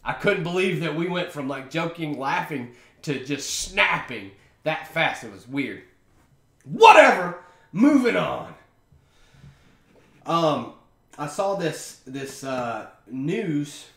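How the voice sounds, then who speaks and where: A man talks through his own podcast in a loose, slangy ramble packed with fillers. His voice sits high and bright, bouncing up and down as he goes. The room around him gives a noticeable echo. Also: expressive, unhurried. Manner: chatty, slangy storytelling with many fillers. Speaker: podcast host. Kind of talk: casual solo podcast monologue.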